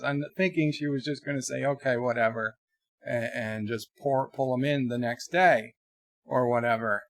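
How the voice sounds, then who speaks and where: A man's voice: medium pitch, moderate pace, no room sound. A man chatting casually on his live stream at home, telling a rambling story and reading chat messages aloud. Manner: rambling storyteller, many restarts.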